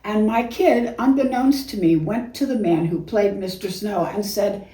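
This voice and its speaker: A woman's voice: mid-range voice, normal speed. An older woman tells theater stories in an easy, chatty way, laughing through them. She sounds a little distant from the mic, and the room carries a roomy echo. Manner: chatty storyteller, warm laughs through anecdotes. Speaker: actress and singer, guest. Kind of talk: casual interview, reminiscing.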